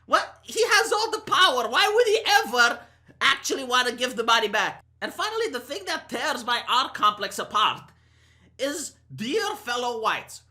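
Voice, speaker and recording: A woman's voice: high voice, sing-song, normal speed, pushed and bright. A woman in her thirties with a Romanian accent, ranting sarcastically and profanely in an opinion vlog. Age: 30s. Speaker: commentary vlogger. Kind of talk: opinion rant to camera.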